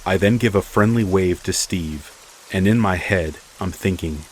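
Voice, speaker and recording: Brief: low-voiced male horror narrator, steady and measured, faint rain hiss in the background. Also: poor audio. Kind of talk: scripted first-person horror narration.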